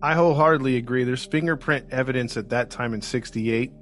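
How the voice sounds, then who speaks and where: A man's voice: mid-range voice, fairly quick, a bit bright. A man co-hosting a podcast who talks casually and hesitantly, correcting himself as he goes. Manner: hesitant, self-correcting, laughs easily. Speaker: podcast co-host.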